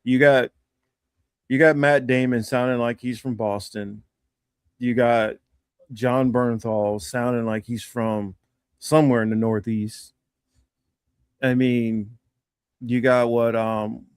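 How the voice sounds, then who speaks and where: A man with a gravelly, fry-heavy voice talks loosely on a livestream, circling through his thoughts with plenty of pauses and fillers. The sound is dry and close, with no room around it. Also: medium pitch, steady tone, dry recording. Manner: rambling, halting, many fillers. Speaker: livestream co-host. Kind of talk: casual chat.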